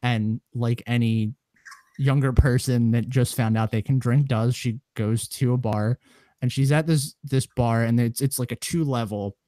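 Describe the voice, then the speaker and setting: A man's voice: medium pitch, unhurried, no echo. A man with a mid-range voice talks casually and rambles through a long anecdote, building energy as he goes. His delivery is loose, full of "like" and restarts. The recording is close and completely dry. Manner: rambling animated storyteller. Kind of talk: casual chat.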